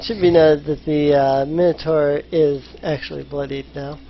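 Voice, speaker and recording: A man narrating a tabletop game as dungeon master, unhurried and using fillers, on a muffled recording. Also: fairly high pitch, flat delivery, vocal fry. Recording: lo-fi voice chat with faint noise.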